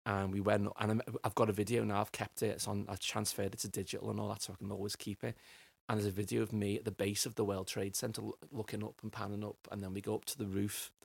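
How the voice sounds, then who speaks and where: A man's voice: fairly low pitch, level tone, quick pace, creaky, few pauses, slightly rough, no echo. A middle-aged man, telling his life story as a podcast guest in a rambling way, often repeating words as he finds them. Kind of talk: personal storytelling interview.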